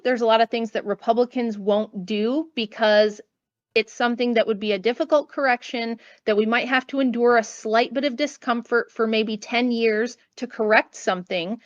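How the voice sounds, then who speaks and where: A woman's voice: on the high side, moderate pace, highs cut off. An American woman, a guest author, giving blunt, emphatic opinions in an interview with casual asides. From United States.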